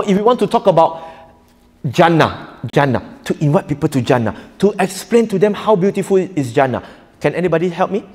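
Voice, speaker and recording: Male preacher-teacher, slightly high pitch, playful and interactive, live hall sound. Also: a little mellow. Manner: jokey, quizzes the audience, laughs often. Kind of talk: interactive lecture.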